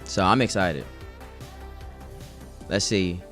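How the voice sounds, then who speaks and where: Laid-back low-voiced male streamer. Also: moderate pace, faint music behind. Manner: laid-back, slangy, reads chat aloud. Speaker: streamer reacting live with chat. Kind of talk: casual live-stream chat.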